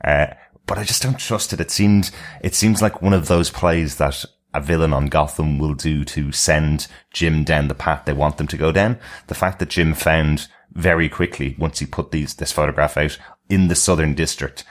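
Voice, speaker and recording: A man's voice: a bass voice, moderate pace. A man co-hosting a podcast, chatting casually and musing over theories. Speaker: podcast co-host.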